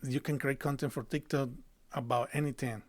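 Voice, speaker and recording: Man speaking halting, English. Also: mid-range voice, fairly even intonation. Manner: halting, many fillers and restarts, non-native phrasing. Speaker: guest, marketing business owner. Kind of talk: casual podcast chat.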